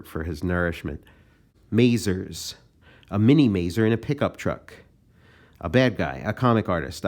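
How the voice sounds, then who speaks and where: Male podcast host, very deep voice, casual and meandering, talks through his own comic pages. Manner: loose, meandering, thinking aloud.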